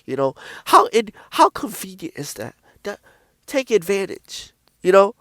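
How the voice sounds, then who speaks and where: A man's voice: high-pitched, wildly swooping pitch, unhurried, a bit bright, no room sound, clean studio sound. A man giving a casual preaching vlog, blunt and profane, who repeats his warnings for emphasis. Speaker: Christian speaker.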